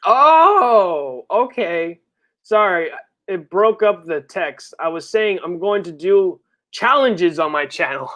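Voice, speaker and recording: A streamer chatting casually on a live birthday stream, reading viewer messages and rambling in slang, with sudden high, excited outbursts. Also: slow pace. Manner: rambling, slangy, full of fillers. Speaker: livestreamer and comic creator.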